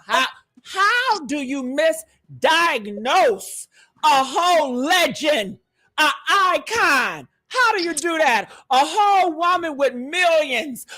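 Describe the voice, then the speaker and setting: A woman giving livestream commentary, loud and exclamatory with frequent whoops, calling her listeners honey and baby. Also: high-pitched. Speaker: streamer and commentator.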